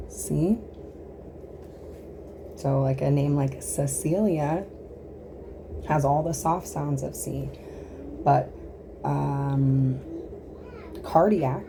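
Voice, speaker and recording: Slow, low-voiced American woman teaching phonics. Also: noisy background. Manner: sounds out letters slowly, breaks off to scold a small child. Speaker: home teacher of American pronunciation. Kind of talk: casual home phonics lesson. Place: home, with a small child nearby.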